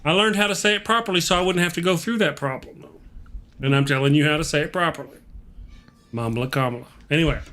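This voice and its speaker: A talkative, joking man co-hosting a casual livestream, pushing his points with insistence. His tone is bright and slightly high, and he talks through a home mic on a video call. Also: fairly even intonation, fast talker. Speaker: co-host.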